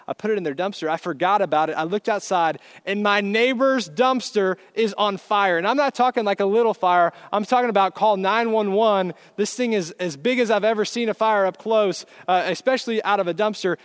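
Male preacher, high pitch, lively conversational sermon storyteller.

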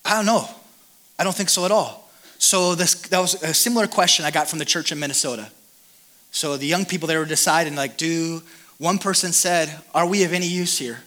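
A man in his thirties with a bright, slightly high voice, speaking as a pastor at a conference. He talks in a candid, self-deprecating way that gets animated. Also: fairly quick. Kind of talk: conference talk.

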